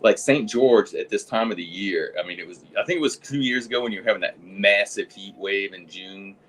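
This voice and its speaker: Low-voiced man, meandering and hesitant, lots of ums, easygoing chat. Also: fairly quick, fairly bright tone, slight background noise, poor audio. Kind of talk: casual chat.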